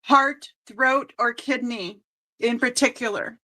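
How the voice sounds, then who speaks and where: A tearful woman reading cards live, her voice sitting a little high. She pauses often and reads slowly and emotionally, choked up as she goes. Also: bright, forceful tone. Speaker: intuitive card reader and host.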